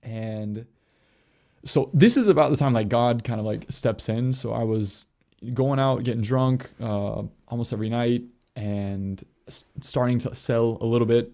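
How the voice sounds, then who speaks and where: A young man, a priest, telling his conversion story in an earnest, halting way with many fillers. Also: mid-range voice, warm tone. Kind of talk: personal testimony.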